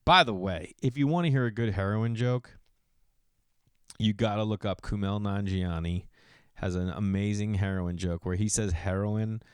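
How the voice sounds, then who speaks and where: A man's voice: on the low side, normal speed, smooth, no room sound, studio quality. A middle-aged man hosting a podcast, telling loose, digressive comedic stories in a solo monologue. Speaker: podcast host.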